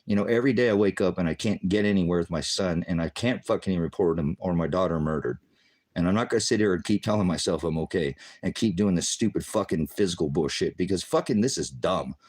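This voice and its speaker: Older man, low voice, bitter profane vlog rant, tired and worn down. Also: quick pace. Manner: profane, bitter, swinging between shouting and muttering. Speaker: vlogger. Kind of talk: angry personal rant.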